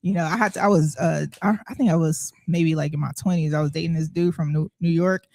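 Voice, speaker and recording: Lower-voiced woman, chatty and laughing. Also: steady tone, fast talker, warm tone, dry recording, studio quality. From Las Vegas, US. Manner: chatty, laughs often while talking. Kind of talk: casual chat.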